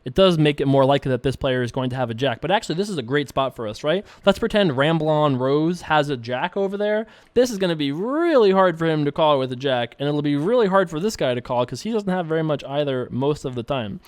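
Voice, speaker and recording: A young man in casual commentary, talking through his poker hands and thinking out loud with playful asides. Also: a little high, lively intonation, quick pace, few pauses, no echo. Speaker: poker streamer and show host. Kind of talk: casual commentary while playing online poker.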